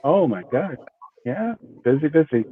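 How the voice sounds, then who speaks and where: Speaking a little slowly, with a slightly high, expressive voice, an older man chats and repeats himself as he welcomes a video caller on his live psychic show. It's casual live-stream talk heard through tinny, phone-like audio with faint noise.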